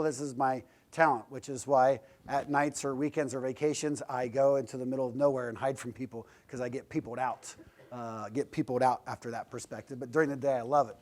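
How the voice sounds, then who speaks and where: A man's voice: mid-range voice, steady tone, fast talker. A man giving a casual, joking motivational talk as a guest speaker to a class, blunt and a little profane. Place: classroom lecture.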